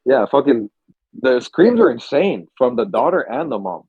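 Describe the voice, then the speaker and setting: A man's voice: medium pitch, moderate pace, husky, no room sound, narrow, tinny audio. A young man co-hosting a podcast, chatting casually and telling stories with lots of swearing, acting out the screams and gasps. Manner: animated storyteller, swears freely, acts out screams and gasps. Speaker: podcast co-host. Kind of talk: casual chat.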